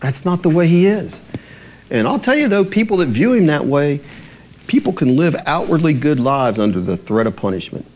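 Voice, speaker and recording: An earnest man preaching a sermon, his voice sitting a little high and swinging widely in pitch. He slows down and drops low when he reads scripture, and he laughs lightly between points. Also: very animated, darkish tone. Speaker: pastor.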